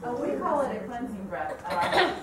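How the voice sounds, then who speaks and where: A woman's voice: on the high side, big pitch swings, moderate pace. A woman in a yoga class chatting to the teacher about her own habit. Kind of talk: casual remark in class. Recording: very echoey room, far off, loud noise.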